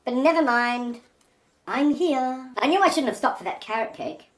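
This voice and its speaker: A woman's voice: sits high, normal speed, roomy sound, voice pushed up, lightly acted. A woman putting on the voice of a prim, pompous woman who insists she is right. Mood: haughty.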